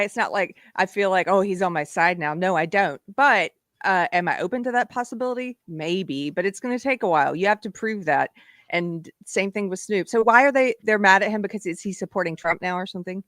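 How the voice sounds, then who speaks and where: A woman's voice: medium pitch, animated, a little fast, fairly bright tone, no echo, clean studio sound. A woman hosting a live online show, chatting casually and laughing often as she tells stories. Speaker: host. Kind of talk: casual live-stream chat.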